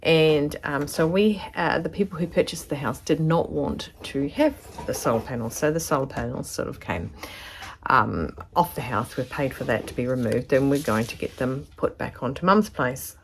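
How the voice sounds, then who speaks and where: A woman's voice: rumbling low, lively intonation, normal speed, slight background noise. A woman with a New Zealand accent giving a chatty, rambling sewing tutorial to a camera in her home studio. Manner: chatty, rambling, fond of asides. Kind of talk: casual tutorial chat to camera.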